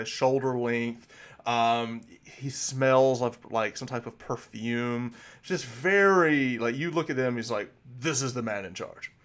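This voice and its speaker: A man's voice: medium pitch, fairly bright tone. A man narrating a tabletop game as game master, rambling through many fillers and restarts.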